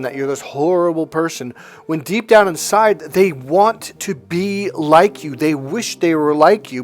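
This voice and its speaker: A middle-aged man talking bluntly and with profanity to camera as a self-help coach, acting out what family members said. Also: a little high. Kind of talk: casual monologue to camera.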